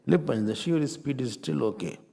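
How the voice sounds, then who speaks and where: A middle-aged man with an Indian accent, teaching a spiritual class in a lively, playful way. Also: mid-range voice, normal speed, vocal fry, a little hiss or hum. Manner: animated, playful, mixes Hindi phrases. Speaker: Vedanta teacher.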